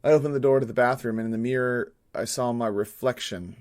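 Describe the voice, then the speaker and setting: An actor playing a troubled young male patient in a game, with a flat, withdrawn delivery. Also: medium pitch, fast talker, lightly acted. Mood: haunted.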